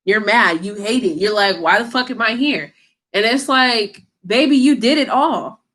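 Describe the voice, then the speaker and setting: A woman with a slightly high voice reads tarot straight to camera. She is blunt and scolding, drops slang and swears freely. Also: fairly bright tone. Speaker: tarot reader. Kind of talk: casual tarot reading to camera.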